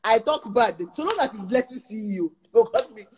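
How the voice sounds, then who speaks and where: A woman's voice: fairly high pitch, animated, brisk, hardly any pauses, darkish tone. A young Nigerian woman, a relationship therapist, telling stories in casual talk, laughing often and slipping into pidgin.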